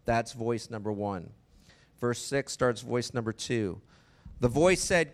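A man's voice: medium pitch, lively intonation, normal speed, long pauses. A man preaching a sermon in a conversational way, often asking the listeners rhetorical questions.

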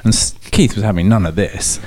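A man's voice: on the low side, brisk, slight background noise. A man, a racing driver guest, telling a comic anecdote and laughing often as he goes. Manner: laughing often, lively storyteller.

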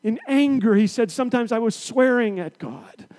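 Middle-aged male preacher, high voice, storytelling sermon with loud-to-hushed swings. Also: normal speed. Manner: lively, swings between loud bursts and hushed asides.

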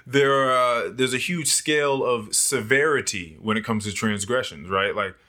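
A man chatting casually on a podcast, lively and self-mocking, often acting out his own past thoughts. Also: medium pitch, normal speed. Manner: animated, acts out his own past thoughts in quoted voices, laughs often. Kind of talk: casual chat.

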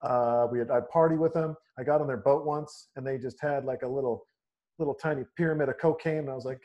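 A man's voice: mid-range voice, fairly even intonation, fast, warm tone, highs cut off. A man in casual chat, telling a story in an easygoing way with chuckles.

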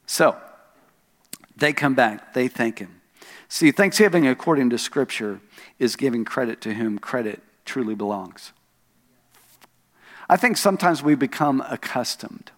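A man pastor preaching a sermon, telling a story with rising emphasis on key lines and soft asides. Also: medium pitch. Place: church sanctuary. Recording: long hall reverb.

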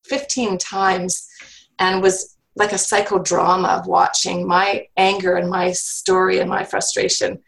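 A woman's voice: on the low side, level tone, a little slow, vocal fry, fairly bright tone, poor audio. A woman guest telling a personal faith story in an earnest, reflective way, often restarting her sentences.

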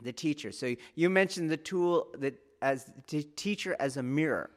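A man with a slightly higher-pitched voice gives an earnest spoken lesson as a martial arts teacher. He keeps asking his listener rhetorical questions and repeats key phrases to press his point home. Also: normal speed.

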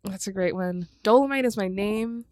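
A young adult woman co-hosting a podcast, chatting casually about films with relaxed fillers and laughs. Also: mid-range voice, moderate pace, no room sound, clean studio sound. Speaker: podcast co-host. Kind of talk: casual movie recommendation chat.

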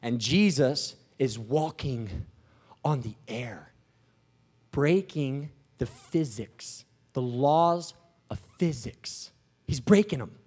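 A man preaching a sermon in an animated, joking, storytelling manner. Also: medium pitch, slow pace, breathy edge.

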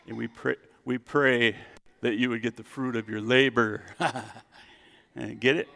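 A man preaching a sermon as a pastor, animated and drawing call-and-response from his congregation in a church sanctuary. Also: medium pitch, unhurried, creaky. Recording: long reverb in a hall.

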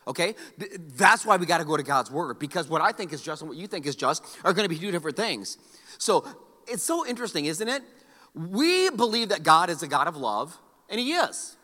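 A man's voice: a little high, big pitch swings, a little fast, bright, forceful tone. A middle-aged male pastor preaching a sermon, telling stories with joking asides to the congregation. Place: large church hall. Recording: long hall reverb.

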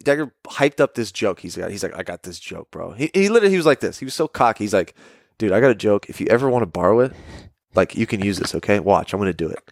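A man's voice: on the low side, animated, fast talker, gravelly, dry recording, studio quality. A man co-hosting a podcast, ranting and swearing in exasperated casual banter. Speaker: podcast co-host.

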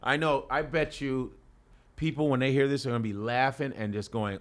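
A man's voice: mid-range voice, fairly even intonation, moderate pace. A man talking in brash, profane, casual comedic banter as a podcast host, often cutting across his co-host. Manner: brash, profane, talks over others.

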